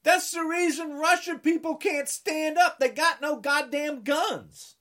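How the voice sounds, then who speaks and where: A man's voice: very high voice, measured pace, a bit bright. A man in his sixties delivering an angry political rant, combative and taunting, with heavy repetition. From United States. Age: 60s. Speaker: political ranter.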